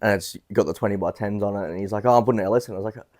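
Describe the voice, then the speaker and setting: A man's voice: fairly low pitch, rapid-fire, a little mellow. A man, chatting casually as a podcast guest, rambling with frequent restarts. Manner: laid-back, rambling with many restarts. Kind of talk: casual chat.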